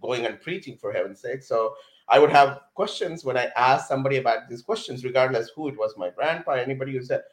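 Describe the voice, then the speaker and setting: A man, a podcast guest telling his life story in an animated way, full of fillers and restarts. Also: mid-range voice, quick pace. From India. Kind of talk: personal storytelling in conversation. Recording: roomy echo.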